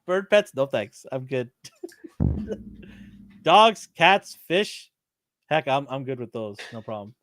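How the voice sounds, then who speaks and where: A man co-hosting a podcast, telling a story in casual chat, animated and laughing, acting out the quotes. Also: mid-range voice, takes it slowly, long pauses, dry recording, studio quality. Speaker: podcast co-host.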